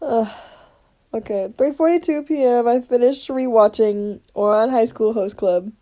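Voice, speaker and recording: A young woman vlogs through her day with a slightly high voice. She rambles in a chatty, offhand way and drops the odd swear word. Her talk is loose and unscripted. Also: normal speed, mellow. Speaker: vlogger. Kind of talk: casual daily vlog.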